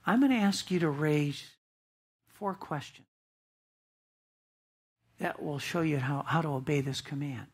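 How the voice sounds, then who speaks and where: A woman's voice: deep voice, darkish tone, breathy edge. Emphatic woman pastor preaching. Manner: emphatic, with rhetorical questions to the congregation. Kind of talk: sermon. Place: church.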